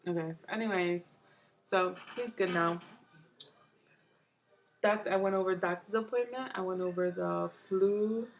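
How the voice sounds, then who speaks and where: A woman's voice: medium pitch, steady tone, measured pace, long pauses, a little hiss or hum, rough recording. A young woman from New York, a mom vlogger, rambling casually to the camera with lots of fillers and restarts.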